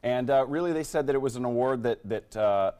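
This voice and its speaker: A man's voice: mid-range voice, a little fast, mellow. A man from a local theater, a guest on a morning talk show, speaking casually with fillers and restarts. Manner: friendly, hesitant with fillers and restarts.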